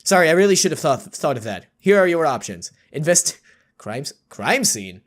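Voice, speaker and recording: A man's voice: on the high side, sing-song, normal speed. A man reading a text game aloud with jokey, sarcastic, rambling asides. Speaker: YouTube gamer.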